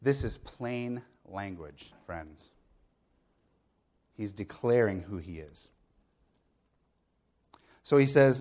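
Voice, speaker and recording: A man's voice: lowish voice, expressive, drawn-out words, long pauses, warm tone. A middle-aged man preaching a sermon in a conversational way. He talks the congregation through the point step by step, asks rhetorical questions and checks in with a frequent "okay?". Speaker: pastor.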